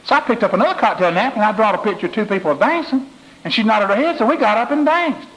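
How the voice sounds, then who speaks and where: A man putting on a drawling, high-pitched store owner. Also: expressive, fast, fairly bright tone, low-quality recording. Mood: bragging. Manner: talks out of a half-moon curled mouth. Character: drawling small-town male furniture seller.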